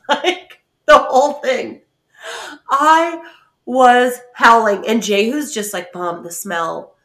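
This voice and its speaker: A woman co-hosting a podcast in casual chat, an animated storyteller who laughs often. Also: fairly high pitch, slow. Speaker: podcast co-host. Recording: roomy echo.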